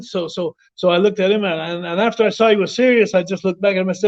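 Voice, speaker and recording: A former wrestler from Quebec, Canada, tells a story as an interview guest in a fairly high voice, speaking briskly and with animation. He often stumbles over repeated words, and the audio sounds dull and lo-fi.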